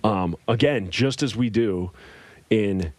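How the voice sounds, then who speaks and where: A man's voice: on the low side, slow pace, darkish tone. A man co-hosting a podcast in casual chat, rambling and laughing as he retells comedy sketches. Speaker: podcast co-host.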